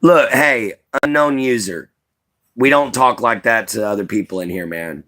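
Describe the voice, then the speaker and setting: A man chatting casually to viewers on a live stream, rambling and relaxed, with lots of "you know" and "man". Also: mid-range voice, moderate pace. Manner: laid-back, rambling, says "you know" and "man" a lot.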